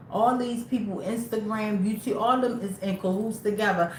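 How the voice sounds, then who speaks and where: A woman's voice: mid-range voice, steady tone, moderate pace, few pauses, roomy sound, a little hiss or hum. A woman hosting her own livestream, talking casually and rambling straight to her viewers. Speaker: livestream host.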